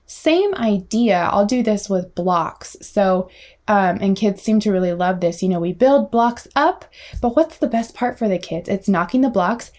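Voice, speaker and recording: A young woman, a speech therapist, giving an energetic teaching talk and sometimes acting out slow, animated child-directed words. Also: medium pitch.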